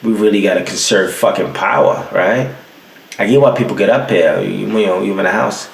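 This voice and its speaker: This solo podcast rant comes from a young adult man at home with the heat off, swearing freely and acting out quotes as he tells animated stories. His voice is fairly low and creaky, fairly quick, in an echoey room.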